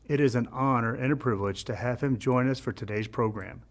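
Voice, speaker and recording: A man hosting an event, reading a formal, measured introduction of the guest speaker. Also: mid-range voice. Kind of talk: read introduction.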